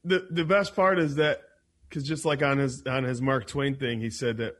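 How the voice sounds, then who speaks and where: A man's voice: mid-range voice, steady tone, normal speed, fairly bright tone. A man co-hosting a talk show, joking along in laid-back, profane banter. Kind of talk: casual banter.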